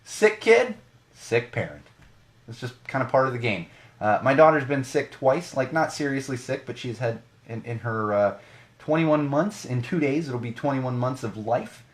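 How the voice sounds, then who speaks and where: Animated ranting man, lively pitch. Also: moderate pace. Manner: animated, ranting, many restarts. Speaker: podcast co-host. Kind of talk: casual podcast monologue.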